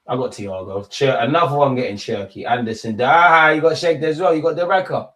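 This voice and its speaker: A man's voice: mid-range voice, brisk, a bit bright. A man hosting a live football watch-along stream, chatting loosely and bantering with his viewers in slangy speech.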